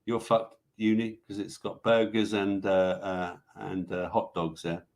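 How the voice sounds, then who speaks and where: A man's voice: sits low, flat delivery, unhurried, a little mellow. A man hosting a casual live show, rambling through viewer comments and news items in an offhand, swearing way. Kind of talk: casual livestream chat.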